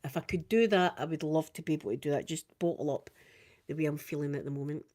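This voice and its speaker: A Scottish woman in her fifties, chatting casually with viewers on a live stream, rambling and swinging up and down in pitch. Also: fast, a little mellow. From Scotland. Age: 50s.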